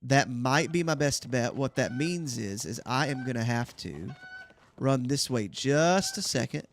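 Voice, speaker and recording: This young man keeps up casual gameplay commentary on his gaming channel, talking to viewers as he plays. His mid-range voice has lively intonation and an unhurried pace, with slight background noise.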